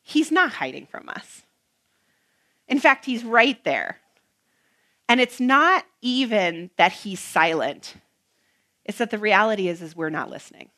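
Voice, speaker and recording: A woman preaching a sermon, earnest and emphatic, with rhythmic repetition and some soft, hushed passages. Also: mid-range voice, sing-song, a little slow, long pauses.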